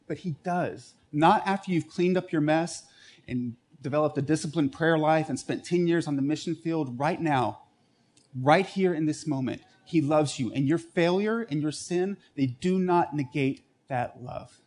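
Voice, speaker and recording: A male pastor, his voice sitting a little higher than most men's. He preaches in a storytelling way and brings quoted lines to life with lively jumps in pitch. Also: a little slow. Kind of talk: sermon.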